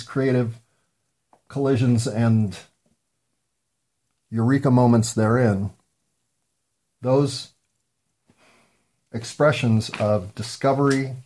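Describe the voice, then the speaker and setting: A man hosting a solo talk show, rambling through jokes and musings with many ums and pauses while high. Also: darkish tone. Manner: meandering, joking asides, frequent ums and pauses. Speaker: podcast host.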